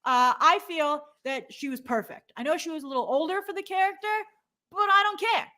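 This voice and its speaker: A woman's voice: high voice, brisk, pushed and bright. A middle-aged woman co-hosting a movie news show in casual chat, opinionated and reading out viewer comments and polls.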